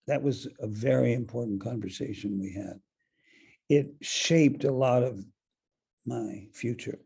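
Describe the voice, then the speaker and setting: An older man with a deeply raspy, gravel-filled voice, mellow and dark in tone. He tells a story from his acting career in an interview, stumbling through fillers and restarts as he goes. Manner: halting, with many fillers and restarts. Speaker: actor and director.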